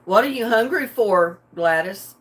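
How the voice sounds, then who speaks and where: A woman's voice: mid-range voice, lively intonation, a little slow, fairly bright tone. Drowsy older woman chatting. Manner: chatty, homey, chuckles often. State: drowsy and relaxed. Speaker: livestream host. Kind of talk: casual chat with live viewers.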